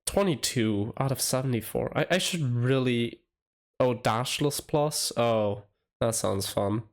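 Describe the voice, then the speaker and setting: A young man in his twenties chatting casually on a live stream, halting and rambling with stammered restarts. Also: medium pitch.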